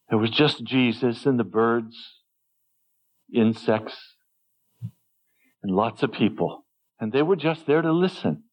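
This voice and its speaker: A man preaching a sermon as pastor, earnest and gentle, lifting his voice when quoting others. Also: medium pitch. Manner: gentle, earnest storytelling with sudden lifts for quoted voices. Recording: dull lo-fi sermon recording.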